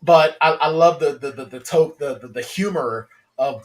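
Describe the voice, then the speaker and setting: A man with a slightly high voice hosts a relaxed TV reaction chat. He talks in an animated way, laughs often, and drops into lower voices when he retells scenes. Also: moderate pace. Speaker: podcast host.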